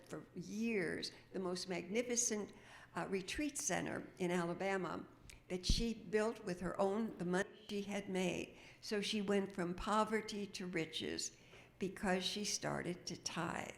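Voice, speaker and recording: A woman's voice: mid-range voice, vocal fry, echoey room. Woman minister telling stories in a sermon. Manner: chatty, storytelling, quick asides. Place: church sanctuary. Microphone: microphone with feedback.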